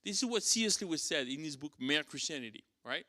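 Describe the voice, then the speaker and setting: French-accented man, church apologetics teacher, bright and forceful, dry close sound, lots of restarts. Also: a little high, lively intonation, brisk, no room sound. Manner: conversational teaching with fillers and restarts. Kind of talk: apologetics class lecture. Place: church classroom.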